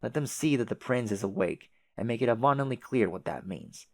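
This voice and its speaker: A man's voice: medium pitch, animated, brisk, a little mellow, no echo, natural voice. A man voicing a fussy, long-winded advisor who speaks in a put-on British manner, formal and wordy. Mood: rousing. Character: prim, verbose troll advisor putting on a British manner.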